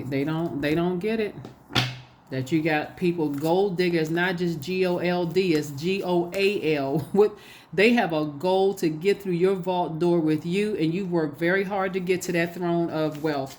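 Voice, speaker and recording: Woman tarot reader, lower voice, casual and preachy, light background noise. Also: normal speed. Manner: animated, repetitive, preachy exhortations. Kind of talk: casual spoken tarot reading.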